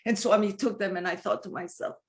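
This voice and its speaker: A woman from the United States sharing a personal spiritual testimony in an earnest, emotional way, often restarting her sentences and dropping into soft, hushed passages. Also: medium pitch, fairly even intonation, brisk. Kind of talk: heartfelt personal testimony talk.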